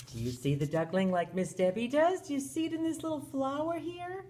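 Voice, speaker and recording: Animated woman reading a picture book to kids. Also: high-pitched, a little fast, hardly any pauses, slight background noise. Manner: animated, gasping and asking children questions. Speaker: children's teacher.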